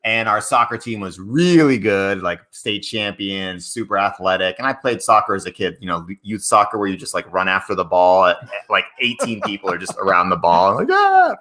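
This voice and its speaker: A man in his thirties from Massachusetts, USA, speaks in a deep voice, fairly quickly and with few pauses. As a guest author in a casual interview, he's an animated storyteller who acts out the voices he quotes.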